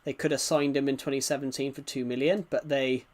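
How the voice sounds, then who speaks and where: A man's voice: medium pitch, little pitch movement, brisk. A man with an English-Welsh border accent, chatting casually on a livestream, rambling and answering viewers' comments.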